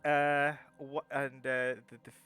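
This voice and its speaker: A man's voice: medium pitch, flat delivery, takes it slowly, sharp tone, soft background music. A man narrating as game master of a tabletop game, rambling with many fillers and restarts.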